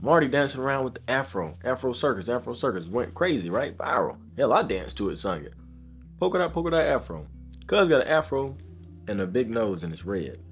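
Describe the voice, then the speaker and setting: A man's voice: mid-range voice, sing-song, fairly quick, faint music behind. A man vlogging a casual opinion rant, emphatic and slangy, often saying bro and asking if you know what he's saying.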